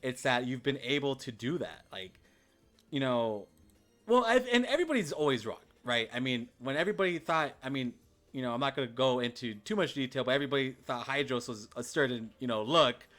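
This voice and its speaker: A man's voice: medium pitch, lively intonation, brisk, fairly bright tone, soft background music. A man hosting a podcast, chatting in an easygoing way and dropping lots of fillers. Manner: easygoing, many fillers like "like" and "dude". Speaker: podcast host. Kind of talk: casual chat.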